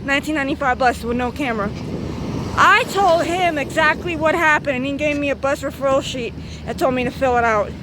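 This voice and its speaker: Brief: woman in her thirties, high voice, meandering excitable storyteller, noisy outdoor recording with traffic. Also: fairly quick. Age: 30s. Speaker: vlogger. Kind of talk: rambling story time.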